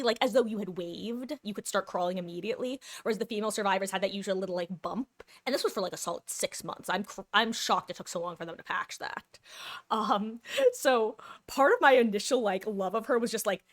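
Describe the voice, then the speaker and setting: Casual woman streamer on a desk mic, chatty and excitable, talks to chat while playing, middle-pitched voice. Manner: chatty and excitable, quick bursts of laughter. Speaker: live game streamer. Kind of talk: casual gameplay chat with viewers.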